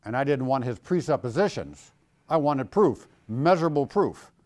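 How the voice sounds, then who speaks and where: A middle-aged man preaching to a room of students, lively and theatrical. He jumps high and loud when he acts out a quote, then drops low and hushed, and he keeps poking fun at himself. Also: moderate pace. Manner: animated, acts out quoted voices with big swings in pitch and loudness; jokey, self-mocking storyteller. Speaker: pastor. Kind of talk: teaching a class on Christian doctrine. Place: classroom or church hall with students.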